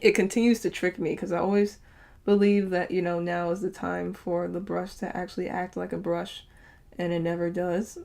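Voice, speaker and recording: Chatty young woman with a low voice. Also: level tone, normal speed, vocal fry, a little mellow. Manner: chatty, upbeat, laughs often, lots of fillers. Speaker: beauty vlogger. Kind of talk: chatty makeup tutorial.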